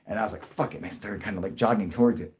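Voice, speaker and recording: A man's voice: racing, slight background noise. Rambling, swearing man telling a story. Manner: rambling, profane, restarts a lot, jumps into loud high bursts for quoted voices. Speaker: livestream host telling a story. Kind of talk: casual storytelling to a live audience.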